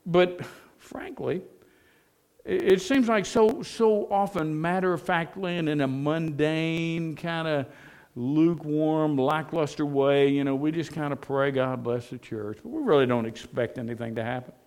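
A man's voice: a little high, measured pace, a little mellow. A male pastor preaching a sermon in a conversational way, often asking the congregation rhetorical questions.

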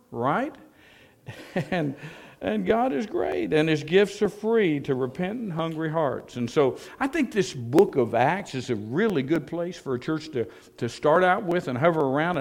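A male pastor preaching a sermon in a conversational way, often asking the congregation rhetorical questions. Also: a little high.

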